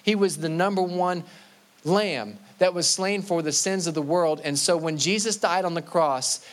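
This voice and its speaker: A male pastor preaching a sermon in an earnest way, often repeating and restarting words and slowing down to stress quoted scripture. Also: fairly high pitch.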